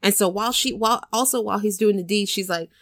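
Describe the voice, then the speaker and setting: A woman casually chatting and retelling a film scene, animated and storytelling. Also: mid-range voice, fast talker, dry recording, clean studio sound. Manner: chatty, animated storyteller who acts out quotes. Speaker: podcast co-host. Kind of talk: casual chat recapping a film.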